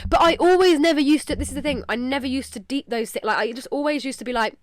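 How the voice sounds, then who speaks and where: A woman's voice: sits high, expressive, fast, dry recording. A young English woman hosting a podcast, talking candidly and emotionally in a rambling way full of "like". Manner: rambling, emotional, heavy use of "like". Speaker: podcast host. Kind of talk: candid casual podcast talk.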